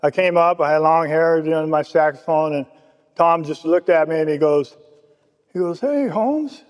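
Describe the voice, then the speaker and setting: A man's voice: fairly high pitch, flat delivery, normal speed, smooth, big-room sound. A man giving a casual personal testimony at a recovery meeting, acting out the voices of people he quotes.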